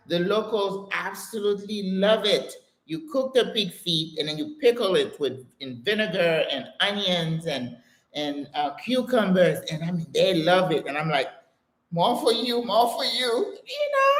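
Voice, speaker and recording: An older American woman hosting a live question-and-answer stream, reading viewer comments aloud and telling stories in a chatty, animated way. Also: lowish voice. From United States. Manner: chatty, animated storytelling with exclamations and laughter. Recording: echoey room sound.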